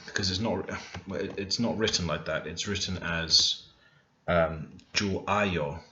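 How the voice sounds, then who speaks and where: A man's voice: sits low, fairly even intonation, slow pace, sharp tone, a little hiss or hum. A man working through a grammar lesson over a screen recording, thinking aloud and stressing the words in his example sentences. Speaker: language learner teaching. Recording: echoey room, dull lo-fi sound.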